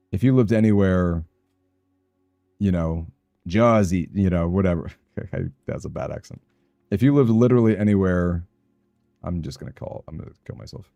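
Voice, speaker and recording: A man's voice: lowish voice, animated, moderate pace, pauses often, dark tone, no echo, faint music behind. A man with a Southern Californian accent, chatting in a rambling, casual way with his live-stream audience while he plays a game. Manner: chatty, rambling, answers chat aloud.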